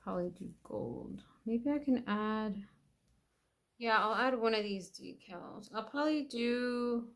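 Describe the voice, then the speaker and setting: A woman's voice: a little high, measured pace. A young adult woman chatting casually at home while doing her own nails, thinking aloud, trailing off and correcting herself. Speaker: nail vlogger. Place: home, at her nail table.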